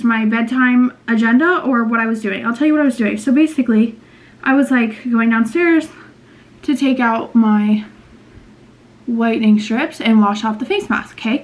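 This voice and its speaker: A young woman in her twenties chatting casually to camera at home, rambling and indecisive with lots of fillers. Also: on the high side. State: out of breath. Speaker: beauty vlogger. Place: at home, indoors. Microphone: camera mic, later phone on a tripod.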